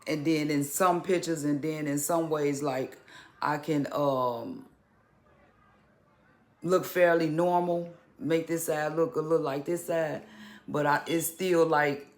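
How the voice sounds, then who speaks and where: Halting, slightly high-voiced man vlogging. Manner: halting, with restarts and occasional stutters. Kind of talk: casual talk to camera.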